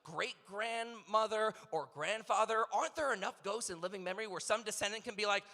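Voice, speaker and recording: A man's voice: high-pitched, brisk, sharp tone. A man emceeing a convention event, riffing through a stand-up comedy bit full of rambling rhetorical questions. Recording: long reverb of a large hall over PA.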